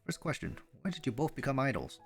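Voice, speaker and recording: A man reading the part of an eager young woman fan who poses as an intern reporter, gushing and excitable. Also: medium pitch, fast, vocal fry, soft background music. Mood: excited.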